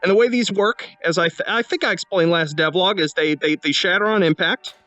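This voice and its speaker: A man's voice: high voice, fairly quick, bright, forceful tone, dry recording, lo-fi sound, soft background music. A man, a game developer, talking through his game's new features in a casual devlog walkthrough while playing, often restarting his sentences. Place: indoor room at home.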